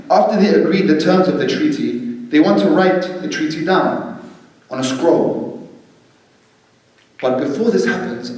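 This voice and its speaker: A man giving a religious storytelling lecture, animated and acting out quoted speech, in a large hall. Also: fairly high pitch. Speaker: religious speaker. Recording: echoey hall, distant mic.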